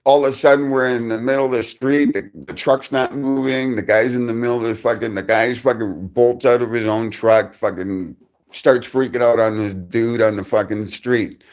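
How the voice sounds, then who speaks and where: A man's voice: mid-range voice, fairly even intonation, normal speed. A man telling a rambling personal story on a live stream, swearing constantly and restarting his sentences.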